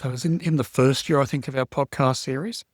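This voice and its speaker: A man co-hosting a casual investing podcast, talking in a relaxed, rambling way with fillers as he thinks aloud. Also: medium pitch, a little fast, dry recording, studio quality. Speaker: podcast co-host.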